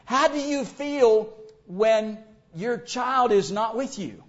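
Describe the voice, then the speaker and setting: A man's voice: extremely high pitch, slow. A man preaching a sermon to a church congregation, acting out the voices he quotes. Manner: animated, acts out quoted voices. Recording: dull lo-fi recording.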